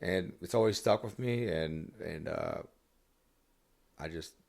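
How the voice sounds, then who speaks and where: Deep gravelly man, rambling chat. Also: slow pace, darkish tone. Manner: rambling, with many restarts and fillers. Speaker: songwriter guest. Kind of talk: casual podcast conversation.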